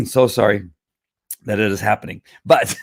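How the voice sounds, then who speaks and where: Hoarse-voiced man hosting a casual live stream; low voice, dry room, rambling delivery full of fillers. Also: no echo. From Southern California. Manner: rambling, many fillers and restarts, frequent throat clearing. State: hoarse, losing his voice. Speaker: live stream host selling wellness products. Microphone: computer or phone camera.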